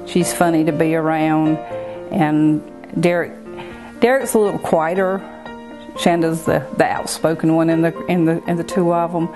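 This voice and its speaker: A woman with a very low voice speaks haltingly in an interview, searching for her words. Guitar music plays clearly beneath her. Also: steady tone, low-quality recording.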